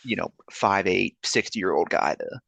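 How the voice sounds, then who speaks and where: Young male podcast guest, low gravelly voice, hesitant and easygoing. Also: lively intonation, a little slow, a bit bright, dry recording, muffled recording. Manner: laid-back, hesitant, lots of fillers. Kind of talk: casual chat.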